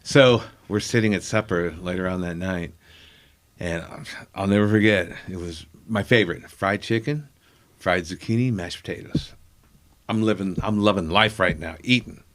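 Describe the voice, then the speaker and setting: A man's voice: low voice, normal speed, fairly bright tone. A comedian telling a profane, self-mocking story from his childhood in casual chat.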